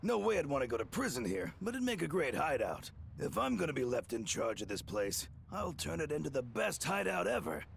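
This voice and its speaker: An actor playing a gruff, boastful male lizard-man navigator in a game, with a gravelly, blustering voice. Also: on the high side, very animated, brisk, a little hiss or hum, heavily acted. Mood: musing. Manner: defensive and blustering. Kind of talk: game voice acting.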